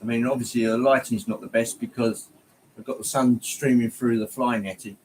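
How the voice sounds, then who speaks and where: Relaxed male streamer, friendly and rambling, middle pitch, lots of ums and restarts. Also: a little fast, slight background noise, low-quality recording. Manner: rambling and friendly, greeting viewers by name, many ums. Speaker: livestream host. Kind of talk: casual livestream chat. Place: home hobby room, indoors.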